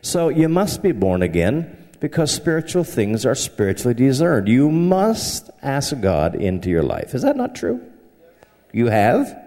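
A Southern pastor from the American South preaches a sermon in a folksy, humorous way, telling anecdotes in his Southern accent. His medium-pitched, dark voice swoops wildly in pitch while he takes his time. The recording has a long hall reverb.

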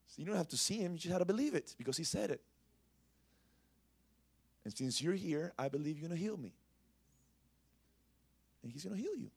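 A man preaching a sermon at a church service, impassioned and conversational, swinging between loud exclamations and soft asides. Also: fairly high pitch, expressive, normal speed, vocal fry, pauses often, slightly rough. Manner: conversational, with frequent "you know". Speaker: pastor.

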